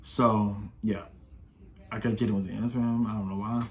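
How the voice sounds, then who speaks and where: A young man casually telling a personal story to camera in loose slang, getting louder and livelier when he quotes the people in it. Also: fairly low pitch, moderate pace. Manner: slangy, animated when quoting others. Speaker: storytime vlogger.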